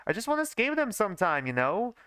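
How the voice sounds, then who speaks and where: Brash young punk skater guy, read by a man, pushy and chummy, bright high voice. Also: big pitch swings, quick pace, smooth, dry recording, studio quality, heavily acted. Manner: pushy, casual, boastful.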